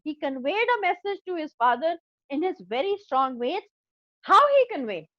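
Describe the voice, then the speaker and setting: Animated Indian English teacher, high voice. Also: female voice, normal speed, no echo, highs cut off. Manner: explains, repeats, checks with "understood?". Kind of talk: classroom lesson explaining a story. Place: classroom.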